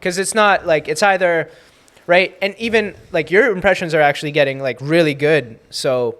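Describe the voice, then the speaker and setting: A man, a comedian, riffing casually on a podcast with quick quips and constant agreement. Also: a little high, fairly bright tone. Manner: frequent "yeah" backchannels, quick jokey quips. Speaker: comedian, co-host chat.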